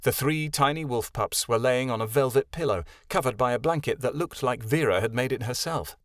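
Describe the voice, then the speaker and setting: A man reading a fantasy audiobook as the narrator, in an expressive storytelling manner. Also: mid-range voice, brisk, no room sound, studio quality. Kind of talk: scripted narration.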